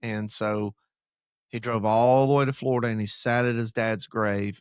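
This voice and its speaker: A man's voice: lowish voice, fairly even intonation, moderate pace, clean tone, no echo, studio quality. A man, a pastor, telling a story in casual conversation on a church podcast. He talks earnestly, restarts his sentences and drifts from the story into preaching.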